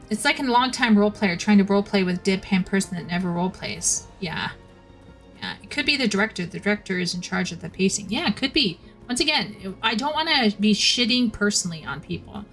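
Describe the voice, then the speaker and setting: A woman's voice: medium pitch, animated, fairly quick, a bit bright, faint music behind. A woman casually commenting on a game story while she live-streams it, often restarting her sentences. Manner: chatty, restarts sentences, critiques the writing.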